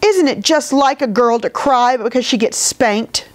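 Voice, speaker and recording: A woman's voice: a little high, a little slow, pitched above the performer's own voice, lightly acted. A woman voicing a cheeky, boastful young male teddy bear in a storybook, with a brash, scoffing manner.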